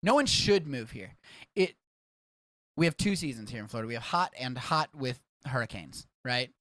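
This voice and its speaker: A man from Texas hosting a casual livestreamed podcast, rambling and excitable, swearing freely as he talks. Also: mid-range voice, normal speed, no echo. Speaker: podcast host.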